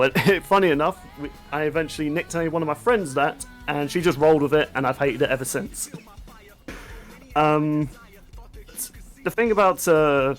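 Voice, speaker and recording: Man, podcast co-host, rambling and self-mocking, slightly high voice. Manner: rambling, laughs often, self-deprecating. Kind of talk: casual chat.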